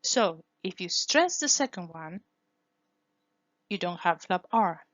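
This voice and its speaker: Woman, first language Spanish, phonetics teacher, slow careful delivery, dull dry recording. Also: on the low side, animated, a bit bright, no echo. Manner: slow, careful, demonstrates sounds repeatedly. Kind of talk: scripted lesson.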